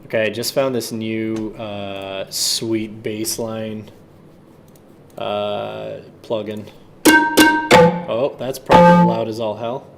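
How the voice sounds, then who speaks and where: A man's voice: fairly low pitch, slow pace, gravelly, pauses often. Man chatting through a music session. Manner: chatty running self-talk, swears offhand. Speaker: livestreaming music producer. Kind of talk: casual livestream talk while producing.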